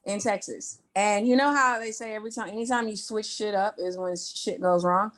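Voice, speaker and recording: A young woman from Indiana, a guest in an interview, telling her story candidly with plenty of swearing, fillers and quick asides. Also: mid-range voice, steady tone, fairly bright tone.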